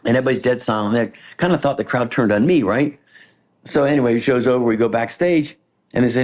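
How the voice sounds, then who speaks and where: A man, a comedian guest, telling animated stories in casual podcast chat and acting out the people in them. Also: mid-range voice, fast. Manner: animated storyteller, acts out voices in quotes.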